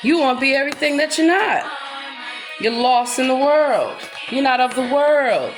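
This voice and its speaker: A woman's voice: high voice, animated, normal speed. A woman with a Black way of speaking, preaching in a defiant, confrontational monologue aimed at her accusers. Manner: breaks into gospel-style singing. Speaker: self-styled preacher. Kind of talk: impassioned monologue. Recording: roomy echo with music behind.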